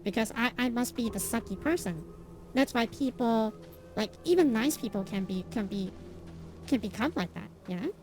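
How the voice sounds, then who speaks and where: A woman's voice: a little high, lively intonation, moderate pace, darkish tone, soft background music. A young woman streamer chatting casually while gaming, rambling and self-deprecating with lots of restarts and fillers, and laughing often.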